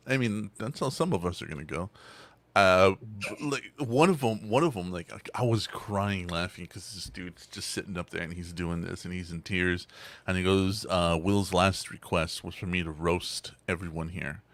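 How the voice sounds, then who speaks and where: Male co-host, lower register, profane laughing storyteller, dead-dry recording. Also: dry recording. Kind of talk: casual chat.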